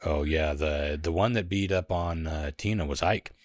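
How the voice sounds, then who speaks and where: A man hosting a music lyrics quiz in a casual podcast, playful and quick to laugh. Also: dry recording, studio quality. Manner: playful, laughs often, sings lyrics in a high falsetto. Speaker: host running a lyrics quiz.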